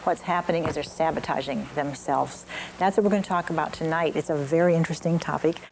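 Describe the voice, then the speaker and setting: A woman's voice: low-pitched, steady tone, quick pace, vocal fry, background noise. An older woman leading an evening parenting class, telling stories and examples with frequent fillers.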